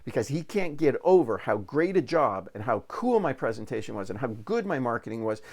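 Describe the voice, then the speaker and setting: Male sales trainer; gravelly, folksy storyteller, mid-range voice. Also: medium pitch, big pitch swings, brisk. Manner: folksy, repeats words when restarting. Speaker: real estate sales trainer. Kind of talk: recorded training talk, storytelling.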